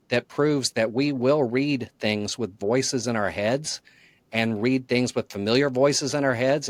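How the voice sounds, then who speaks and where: A man's voice: mid-range voice, dry recording. A man speaking as a podcast guest, explaining his ideas in an earnest, thoughtful conversational way. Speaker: podcast guest, marketing author. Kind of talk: conversational interview.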